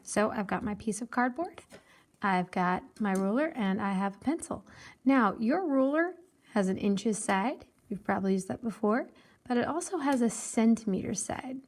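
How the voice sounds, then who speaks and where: A woman's voice: a little high, expressive. Patient woman teaching a craft lesson. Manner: patient, slow counting aloud, tells a simple story for children. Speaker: art teacher.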